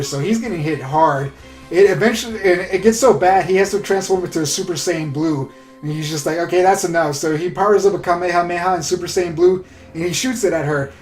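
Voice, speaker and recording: A man casually recapping an anime episode in a rambling, excitable way, full of fillers. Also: fairly high pitch. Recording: roomy echo with faint music.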